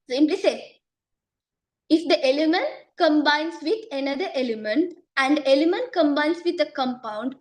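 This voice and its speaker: High-voiced tutor woman, losing her voice. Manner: repetitive, checks understanding often. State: losing her voice, clearing throat. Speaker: chemistry tutor. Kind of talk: online class teaching.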